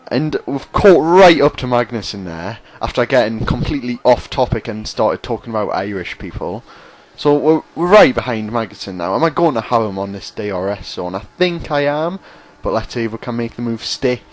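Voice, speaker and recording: A man's voice: medium pitch, expressive, moderate pace, hardly any pauses. A man commentating over his own racing game, rambling, sarcastic and mocking himself. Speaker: gaming commentator.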